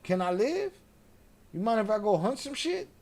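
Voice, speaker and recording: Guy doing a cocky foulmouthed cat voice, high and jumpy, talking trash. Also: sing-song, moderate pace, gravelly, darkish tone, exaggerated voice. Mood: exasperated. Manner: taunting, profane, swaggering threats. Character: fierce trash-talking male house cat. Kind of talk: live stream reaction voice-over.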